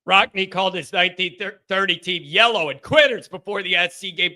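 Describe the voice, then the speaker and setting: A man hosting a live sports call-in show in casual chat, animated and laughing often. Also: sits high, a little fast, few pauses.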